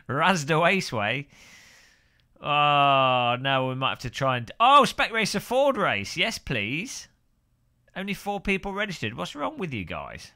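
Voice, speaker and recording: A man's voice: medium pitch, sharp tone. A man hosting a casual live stream, rambling and joking while greeting viewers by name.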